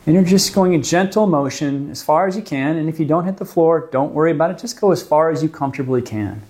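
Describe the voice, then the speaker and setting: A man calmly leading a stretching class, guiding the moves step by step and explaining why each one helps. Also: fairly high pitch, fast talker. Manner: calm, gently coaching, explains the reasons for each move. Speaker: movement class instructor. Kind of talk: guided exercise class instruction.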